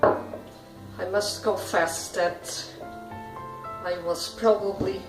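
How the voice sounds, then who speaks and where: A woman's voice: medium pitch, fairly even intonation, extremely slow. A woman hosting her own cooking video at home, chatting to the viewer with self-deprecating asides as she works through a recipe. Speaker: cooking show host. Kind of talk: casual cooking demonstration. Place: home kitchen. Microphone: self-filmed camera. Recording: roomy echo, faint background music.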